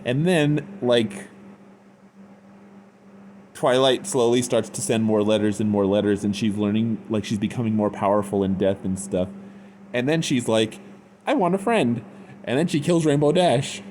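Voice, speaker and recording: A man's voice: fairly low pitch, normal speed, a little mellow, slight background noise. A man giving an unscripted, rambling review in casual slang, full of fillers. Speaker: fan fiction reviewer.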